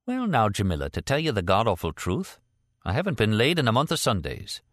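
A man's voice: fairly low pitch, wildly swooping pitch, fairly quick, a bit bright, no room sound, clean studio sound, voice pushed up, full character voice. A man voicing a blunt, cheerful sailor who talks breezily. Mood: breezy.

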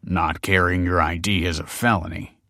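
A man's voice: low-pitched, fairly even intonation, moderate pace, pushed and bright, dry recording, clean studio sound. A man voicing a stern, rule-bound male locksmith who talks in a clipped, officious way.

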